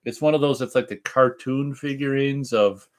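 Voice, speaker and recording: A man co-hosting a casual radio show, reading listener chat comments aloud and adding relaxed asides. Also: mid-range voice, normal speed.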